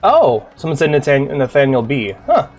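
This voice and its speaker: A man streaming a video game chats loosely with viewers, rambling and swearing freely as faint game music plays behind him. His mid-range voice swings hugely in pitch at a normal speed, keeping things casual and chatty with chat.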